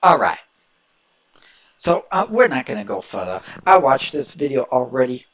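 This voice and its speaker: Guy from indiana ranting over a news clip, pitch jumping all over, emphatic and rambling. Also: sing-song, normal speed, fairly bright tone, dull audio. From Indiana, USA. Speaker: political video host. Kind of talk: reaction commentary.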